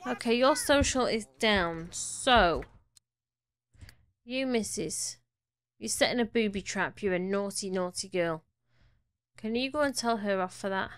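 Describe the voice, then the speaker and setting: Woman, casual gameplay commentary, chatty, fond, mid-pitched voice. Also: a little slow, clear, resonant tone, dry recording, clean studio sound. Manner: chatty, talks fondly to her game characters. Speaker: gaming YouTuber. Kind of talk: casual Let's Play commentary.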